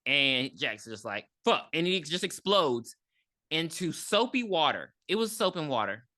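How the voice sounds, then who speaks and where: A woman co-hosting a podcast, recapping a horror movie in a casual, profane, animated way with acted-out quotes. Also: deep voice, unhurried, no echo, clean studio sound. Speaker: podcast co-host.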